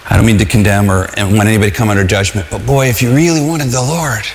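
A man preaching a sermon in an earnest, halting way, with restarts and calls that rise to shouts. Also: on the low side, slight background noise. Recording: long hall reverb.

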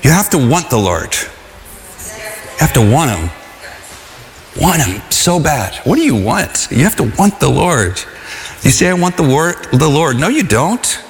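A man's voice: on the high side, big pitch swings, measured pace, pauses often. A man preaching a sermon, earnest, repeating phrases and asking the congregation to say lines back with him. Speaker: pastor. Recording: long hall reverb.

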